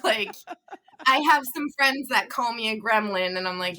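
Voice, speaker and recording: A woman's voice: on the high side, moderate pace, a little hiss or hum. A young woman in her twenties, a podcast guest telling a funny story in casual chat, laughing often and acting out what people said. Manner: animated, laughing often, acts out quotes.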